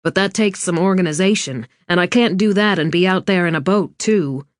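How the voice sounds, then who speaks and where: Woman doing a calm, firm police chief. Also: fairly low pitch, moderate pace, no room sound, studio quality, natural voice. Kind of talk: audiobook character voice.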